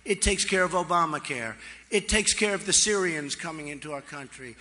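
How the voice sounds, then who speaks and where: Bright-voiced man booming through a hall. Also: animated, moderate pace. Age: 60s. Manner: boastful and repetitive, with chatty asides to the crowd. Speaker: political candidate. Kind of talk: campaign rally speech. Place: large rally venue. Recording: long reverb of a large hall.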